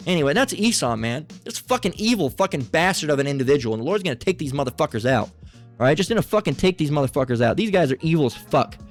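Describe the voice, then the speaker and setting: A man's voice: fairly high pitch, big pitch swings, fast talker, soft background music. Angry, profane man ranting scripture. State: agitated. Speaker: Bible teacher. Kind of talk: agitated scripture lesson.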